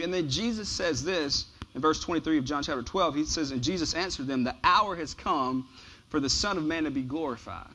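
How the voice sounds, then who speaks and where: Man preaching casually, fairly high voice. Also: a little fast, bright, forceful tone, husky. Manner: casual, emphatic preaching with repeated phrases and slang. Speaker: pastor. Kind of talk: sermon.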